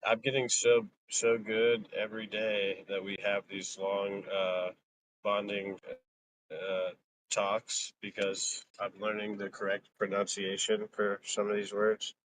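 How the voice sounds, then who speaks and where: A man with a slightly low voice banters loosely on a live stream, rambling from joke to joke. A faint hum sits under his voice. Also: completely flat delivery, slow. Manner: joking, rambling, laughs often.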